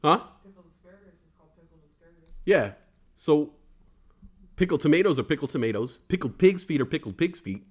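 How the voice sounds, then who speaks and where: Reading viewers' chat aloud on a laid-back stream, this forties-aged host has a fairly high voice, a little slow and often pausing. He jokes around with animated energy and performs the voices of the comments he quotes.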